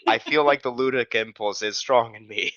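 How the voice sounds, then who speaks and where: A man's voice: mid-range voice, normal speed, bright, forceful tone, no room sound, lo-fi sound. A man guesting on a podcast, talking in a casual interview in an earnest, playful way.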